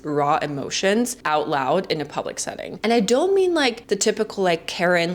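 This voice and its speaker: A young woman from Germany, chatting casually to camera in a vlog, filling her talk with "like" and laughing easily. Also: fairly low pitch. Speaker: vlogger.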